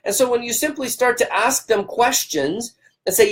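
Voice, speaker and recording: A man's voice: extremely high pitch, normal speed. A man hosting a live stream, fired up and emphatic. He repeats himself for emphasis and greets viewers by name. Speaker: livestream host.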